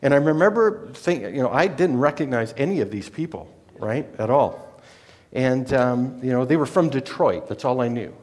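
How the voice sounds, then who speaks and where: This storyteller is a man with a medium-pitched, darkish voice, speaking animatedly at a normal speed. He recounts something from his own life casually, digressing often and correcting himself repeatedly.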